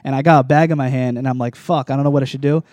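A man's voice: medium pitch, steady tone, rapid-fire, a little mellow, dry recording. A young man telling a long story in casual chat, rambling with many likes and restarts.

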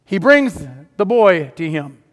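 High-voiced preacher in an echoing hall. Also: male voice, sing-song, slow. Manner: dramatic retelling, rising to emphatic peaks. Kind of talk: sermon. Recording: long hall reverb.

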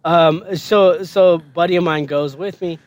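A man's voice: on the high side, steady tone, moderate pace. A man casually telling a story on a podcast, swearing often and laughing.

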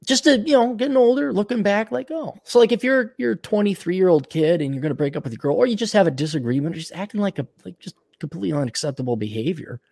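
Sick, gravelly older man ranting. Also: sits high, animated, a little fast, darkish tone, dry recording, clean studio sound. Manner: profane, sarcastic, reads donor messages aloud. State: sick, clearing his throat. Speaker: podcast host. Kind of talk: casual ranting monologue.

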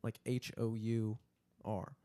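A man's voice: on the low side, flat delivery, takes it slowly, warm tone. A man co-hosting a podcast, talking in a casual, profane way, often calling others dude. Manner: casual, swears a lot, says dude. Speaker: podcast co-host. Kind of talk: casual chat.

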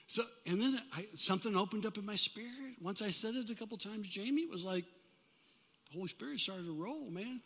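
Older male pastor, high bright voice, animated call-and-response sermon, hall reverb. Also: normal speed, breathy edge. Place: church sanctuary.

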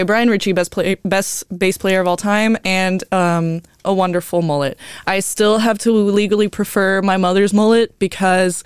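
A woman's voice: lowish voice, smooth, no room sound. A young woman hosting a radio show, rambling casually, swearing freely and laughing often.

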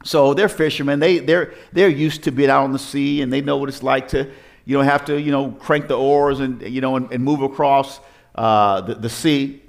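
A man's voice: medium pitch, fairly even intonation, normal speed, vocal fry. A man preaching a sermon as pastor, telling the story in a conversational way with rhetorical questions and frequent restarts.

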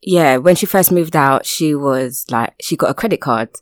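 A woman co-hosting a casual podcast discussion, telling a personal story in a chatty way that gets animated on key points. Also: sits low, moderate pace, no room sound, clean studio sound. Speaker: podcast co-host.

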